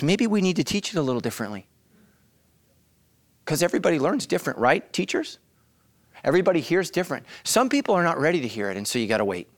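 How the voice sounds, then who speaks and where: Animated pastor preaching. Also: male voice, on the high side, fast, pauses often, no echo. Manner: animated, bursts into loud acted shouts. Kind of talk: sermon. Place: church.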